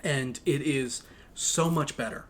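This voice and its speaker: A man's voice: mid-range voice, slow, slight background noise. A man co-hosting a podcast in casual chat, rambling with many fillers and restarts. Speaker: podcast co-host.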